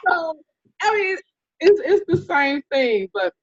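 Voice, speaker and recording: Animated high-voiced woman doula. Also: slow. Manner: animated storyteller, acts out voices, laughs often. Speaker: doula, podcast guest. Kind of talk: casual interview chat. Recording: dull lo-fi sound.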